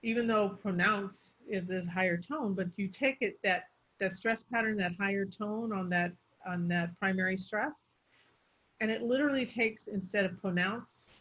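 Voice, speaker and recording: A woman's voice: mid-range voice, moderate pace, a bit bright. A woman speech coach teaching intonation, drawing out words to demonstrate stress, on a muffled lo-fi recording. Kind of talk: explanatory teaching.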